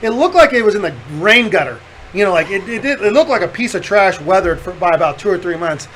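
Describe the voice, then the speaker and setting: A man hosting a podcast, telling a story in casual chat, animated and profane, often laughing as he talks. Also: high voice, a little fast, slight background noise, low-quality recording. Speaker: podcast host.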